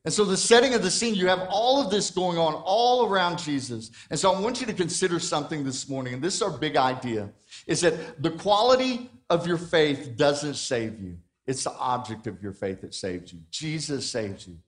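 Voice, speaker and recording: A man's voice: fairly high pitch, expressive, normal speed. A man preaching a sermon in a conversational way. He puts questions to the congregation and often restarts or repeats words. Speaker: pastor.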